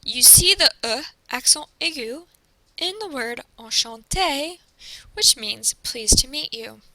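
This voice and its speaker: A woman teacher narrates a recorded lesson with a high, clear, bright voice. She speaks slowly and carefully and models each pronunciation. The recording is dry and close, with no room sound. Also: expressive, dry recording, rough recording. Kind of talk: recorded classroom presentation.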